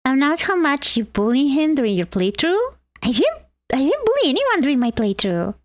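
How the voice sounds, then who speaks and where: A woman's voice: high voice, very animated, moderate pace, no echo, clean studio sound. A woman from Argentina streaming live while drawing, chatting in a bubbly way and greeting her chat.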